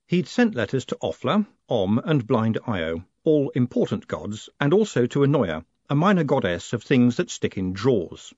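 A man narrating an audiobook in an expressive, wry, dramatic reading, recorded dry and slightly muffled. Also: mid-range voice, no echo.

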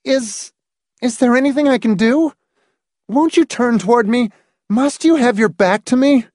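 A man's voice: high voice, level tone, slow pace, a little mellow, slightly rough, no echo, clean studio sound, pitched above the performer's own voice, full character voice. A male narrator voicing an anxious young wife who begs her husband, with his voice raised well above his own. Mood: pleading, anxious. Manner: anxious, begging. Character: frightened young wife, pleading.

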